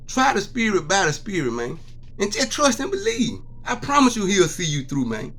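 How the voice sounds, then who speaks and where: A man's voice: sits high, wildly swooping pitch, moderate pace, a bit bright, slight background noise. A man giving an emotional, preachy testimony monologue to his viewers, repeating "see what I'm saying.". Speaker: vlogger.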